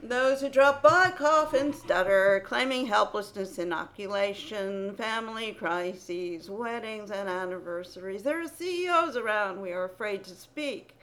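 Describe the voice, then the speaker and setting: A woman giving a dramatic poetry reading, incantatory, with sudden loud outbursts. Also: medium pitch, takes it slowly.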